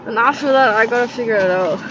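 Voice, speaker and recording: A woman's voice: fairly high pitch, fast talker. A young woman rambling through a casual monologue, agitated and full of "like" fillers, recorded inside a tent. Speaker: vlogger. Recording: slightly dull lo-fi audio with faint background noise.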